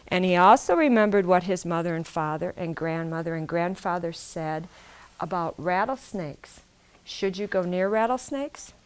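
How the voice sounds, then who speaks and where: A woman's voice: on the low side, moderate pace, clear, resonant tone. Woman telling a story aloud. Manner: asks the listeners questions, repeats phrases. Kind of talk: oral storytelling to a live audience.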